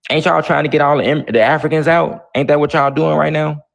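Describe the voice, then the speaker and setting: Brash, gravelly-voiced male show host. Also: fairly high pitch, steady tone, a little fast. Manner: brash, profane, mocking. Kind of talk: heated live-stream talk show.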